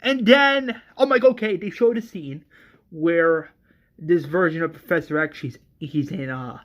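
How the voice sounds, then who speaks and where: Movie reviewer, slow-paced rant, exasperated and excitable, frequent restarts, casual swearing. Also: medium pitch.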